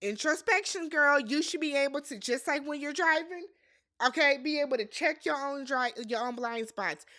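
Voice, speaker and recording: A woman's voice: high-pitched, a bit bright, dry recording, clean studio sound. A young woman hosting a casual reality TV recap, sassy and talking back to the cast.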